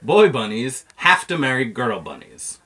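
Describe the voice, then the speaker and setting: A man voicing a pompous, bossy male stink bug who insists he is in charge, in a loud, self-important tone. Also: medium pitch, big pitch swings, a little slow, slightly rough, full character voice. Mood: haughty.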